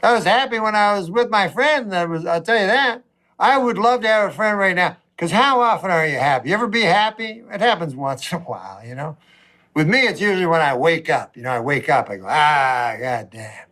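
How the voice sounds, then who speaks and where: A man with a noticeably high voice works through a stand-up set. His delivery rambles and wanders, full of long pauses and restarts as he circles around each thought. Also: lively intonation, bright, forceful tone. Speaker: stand-up comedian.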